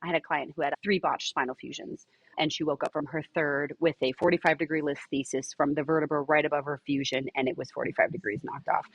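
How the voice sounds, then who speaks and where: Animated husky-voiced woman storyteller. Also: sits low, quick pace, lo-fi sound. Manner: animated, emphatic storyteller, reassuring. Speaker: Pilates instructor and studio owner. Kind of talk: podcast interview guest.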